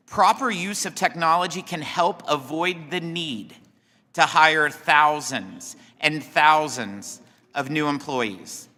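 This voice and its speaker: A man reads a prepared opening statement as committee chairman, his voice bright and forceful. The desk microphone picks up the long reverb of a large hearing room. His delivery is formal and scripted. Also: fairly high pitch. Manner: scripted, reading prepared remarks.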